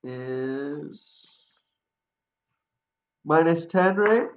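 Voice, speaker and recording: A man acting as dungeon master for a tabletop game, laying out scenes and calling for rolls at an unhurried pace. His delivery is halting and full of small fillers. The audio is dull and lo-fi. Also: on the high side, expressive. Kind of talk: running a tabletop game over a call.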